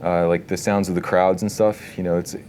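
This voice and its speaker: A man giving a casual live workshop talk to an audience in an event space, relaxed and talkative, full of filler words. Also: sits low, brisk, a little hiss or hum. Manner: relaxed, talkative, many "like" and "you know" fillers.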